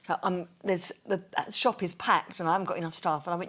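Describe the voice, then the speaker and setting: Casting: sixties woman, light Cockney, lowish voice, chatty anecdote teller. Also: fast talker, fairly bright tone. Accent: softened Cockney. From East London. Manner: chatty, acts out quoted voices. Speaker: interview guest, singer and TV presenter. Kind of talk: casual interview storytelling.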